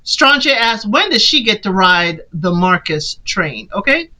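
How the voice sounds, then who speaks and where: A woman casually recapping a film for a podcast, animated and playful, often quoting the characters in put-on voices. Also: medium pitch, unhurried, low-quality recording.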